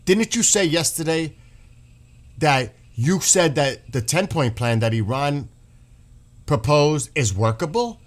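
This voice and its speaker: A man's voice: fairly high pitch, expressive, slow. Exasperated, sarcastic man ranting. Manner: exasperated, sarcastic, swears, reads posts aloud and mocks them. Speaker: streamer reacting to news. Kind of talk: ranting political commentary.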